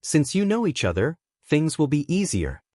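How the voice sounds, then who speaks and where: A man's voice: a little high, huge pitch swings, moderate pace, a little mellow, dry recording, studio quality, voice pushed up. A man voicing a pushy, eager sect leader.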